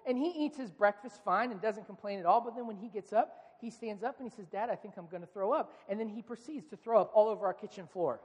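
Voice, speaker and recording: A male pastor in his thirties preaching a sermon in a relaxed, conversational storytelling manner, acting out quoted lines. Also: high voice, fast talker, few pauses, slightly rough, in a large hall.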